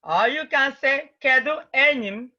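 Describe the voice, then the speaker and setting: A woman teaching an Igbo language class over a video call, patiently repeating phrases slowly for her learners. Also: high-pitched, pushed and bright, dull audio. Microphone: computer mic on a video call.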